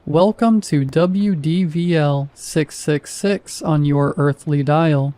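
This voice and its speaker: A sinister male demon radio DJ drawls slow, mocking lines in a soft, mellow tone sitting a little high, as a man puts him on. His delivery is unhurried and sardonic, like a voice leaking out of a horror story. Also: fairly even intonation, dry recording.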